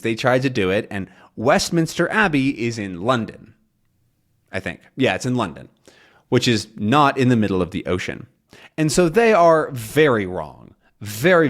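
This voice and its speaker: Man explaining a story to English learners. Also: mid-range voice. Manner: slow, simple explanations with fillers. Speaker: English teacher.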